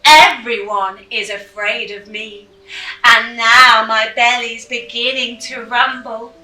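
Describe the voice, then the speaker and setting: A woman's voice: fairly high pitch, steady tone, slow pace, sharp tone, heavily acted. A woman voicing a small, clever, bold mouse in a storybook read-aloud, speaking in a cheeky, confident way. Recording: echoey room, mic at a distance, faint music.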